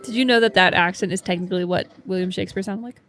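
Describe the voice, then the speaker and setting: A woman's voice: lowish voice, racing, fairly bright tone, faint music behind. A woman playing a tabletop game, talking in a curious, wide-eyed way. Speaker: player. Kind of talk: casual tabletop play.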